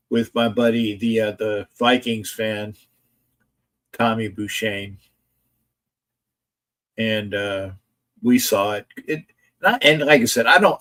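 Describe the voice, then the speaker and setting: A man streams about football from home in front of a camera, his voice medium in pitch with a touch of brightness. He wanders from point to point, reading chat aloud and disputing what viewers say.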